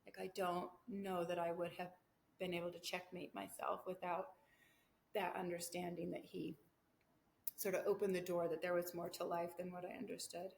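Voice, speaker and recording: A woman's voice: lowish voice, creaky. A middle-aged woman hosting a video podcast, telling a personal story casually, rambling, breaking off her own thoughts and laughing between them. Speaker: podcast host. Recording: echoey room, faint background hum.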